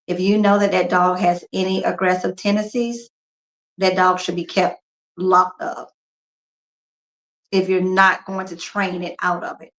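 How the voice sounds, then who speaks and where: A woman's voice: on the low side, steady tone, measured pace, creaky, long pauses, fairly bright tone. A woman in her forties talking candidly and emotionally to her viewers while grieving, her voice subdued. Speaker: couponing vlogger. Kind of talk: casual live chat with viewers. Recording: echoey room.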